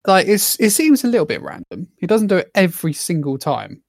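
Male co-host, easygoing explainer, slightly high voice, dry home mic. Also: wildly swooping pitch, fairly quick, gravelly, dry recording. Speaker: podcast co-host. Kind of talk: casual gaming chat. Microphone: own microphone on a remote call.

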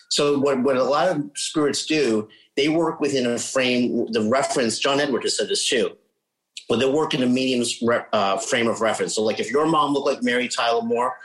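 A man talks casually as a guest, explaining things with lots of asides. He is animated and throws in little impressions of other people's voices. His voice sits at an ordinary middle pitch. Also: brisk, low-quality recording. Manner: chatty, animated, imitates voices he describes. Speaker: psychic medium guest. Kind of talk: casual interview talk.

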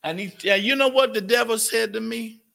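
High, gravelly pastor guy preaching hard, asking the church questions. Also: normal speed, pushed and bright. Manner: emphatic preaching, rhetorical questions to the congregation. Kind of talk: sermon.

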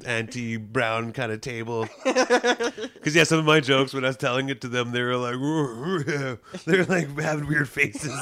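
A man from Canada tells a rambling, profane story in casual chat, tripping over restarts and breaking into laughs. His voice sits at an ordinary middle pitch. The sound is dry and close, with little room around it. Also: expressive, unhurried, a bit bright, dry recording. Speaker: comedian and podcast co-host.

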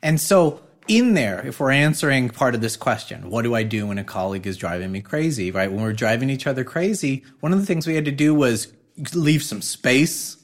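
A man's voice: medium pitch, brisk. A middle-aged man co-hosting a casual podcast, telling stories with energy and often checking in with "right?". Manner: animated storyteller, leans on "right?". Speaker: podcast co-host.

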